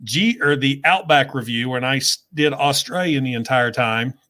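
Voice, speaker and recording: A man with a Southern US accent hosting a casual chat, telling stories quickly and laughing often. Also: mid-range voice, sharp tone. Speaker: host.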